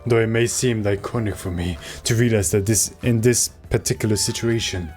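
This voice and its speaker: A man's voice: on the low side, moderate pace, darkish tone, soft background music, close to an everyday voice. A man voicing a haughty, commanding young male leader in a video game. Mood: aloof.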